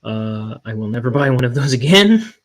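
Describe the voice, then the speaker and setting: A young man, a cartoonist, rambling in a meandering, self-deprecating way with deadpan jokes while he works. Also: mid-range voice, moderate pace. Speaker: cartoonist inking his graphic novel. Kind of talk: casual rambling studio vlog.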